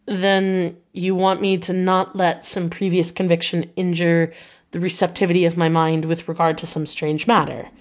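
A woman's voice: fairly low pitch, level tone, normal speed, close to an everyday voice. A woman reading an audiobook voices an earnest young male doctor in an anxious, questioning manner.

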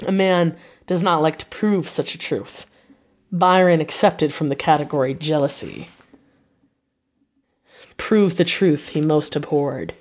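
A woman reading a classic novel aloud in measured, even storytelling narration. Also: low voice. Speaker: audiobook narrator.

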